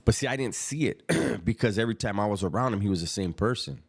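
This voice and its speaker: A middle-aged man, telling a story about prison in casual street slang, unhurried and reflective. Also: lowish voice, creaky, husky.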